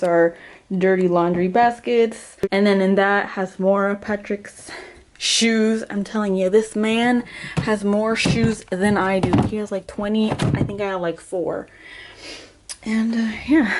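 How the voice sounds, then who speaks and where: A woman's voice: medium pitch, steady tone, a little slow. A young woman giving a casual house tour for her vlog, chatty and giggly, a little out of breath as she walks from room to room indoors. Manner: chatty, giggly, lots of "like" fillers. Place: small rented house, indoors, walking room to room.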